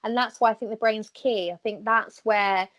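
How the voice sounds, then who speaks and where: A woman chatting as a podcast guest, lively and quick to act out conversations. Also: mid-range voice. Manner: animated, acts out quoted exchanges with laughter. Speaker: podcast guest, former athlete. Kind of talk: casual chat.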